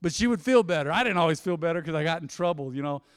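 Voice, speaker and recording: A middle-aged man preaching a lively sermon, swinging between loud exhortation and soft asides. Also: on the high side, racing, clear, resonant tone. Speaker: pastor. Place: church sanctuary. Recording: church hall reverb.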